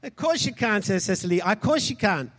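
High-voiced preacher in a reverberant hall. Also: male voice, expressive, fairly quick, a bit bright. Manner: emphatic, calls out for audience responses. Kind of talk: sermon.

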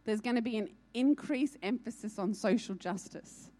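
A woman's voice: a little high, moderate pace, warm tone. A woman preaching a sermon, urgent and earnest, repeating key lines for emphasis.

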